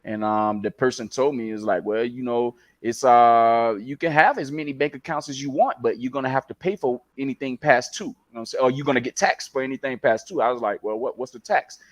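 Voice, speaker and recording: A man's voice: mid-range voice, a little fast, few pauses, no echo. A man chatting casually as a guest, laid-back and often adding "you know what I'm saying". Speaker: guest on a live stream. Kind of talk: casual chat. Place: lives abroad in Colombia.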